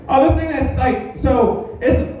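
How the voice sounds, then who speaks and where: A stand-up comedian from Albuquerque doing a profane, mock-angry rant at a bar comedy night. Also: male voice, very high-pitched, unhurried. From Albuquerque, USA. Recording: echoey, dull, distant room recording.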